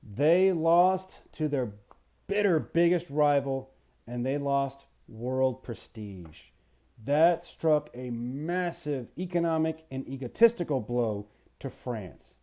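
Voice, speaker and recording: In a recorded history lecture, a man with a medium-pitched voice teaches at an unhurried pace. He keeps it playful and animated, asking the listener questions and occasionally putting on voices.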